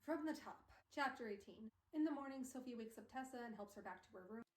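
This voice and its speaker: Animated woman recapping a book, off-mic. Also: a little high, far from the mic. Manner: animated, playful retelling with quick character asides. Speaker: book recap video creator. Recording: roomy, off-mic recording.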